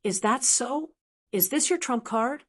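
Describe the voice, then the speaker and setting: A woman narrator voicing a calm, confident young male swordsman in a fantasy audiobook. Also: a little high, measured pace, breathy edge, voice pushed up, exaggerated voice. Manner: calm and disdainful.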